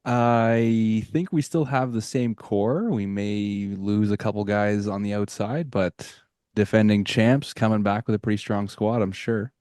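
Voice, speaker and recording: A podcast co-host speaking casually in brief, laid-back turns. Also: male voice, fairly low pitch, steady tone, a little slow, darkish tone, dry recording, studio quality. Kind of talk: casual chat.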